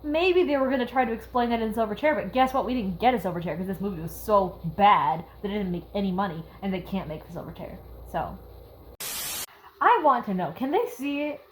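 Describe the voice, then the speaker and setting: Young woman, sarcastic exasperated rant, casual commentary, mid-pitched voice, faint background noise. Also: lively intonation, a little fast, poor audio. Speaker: video essayist.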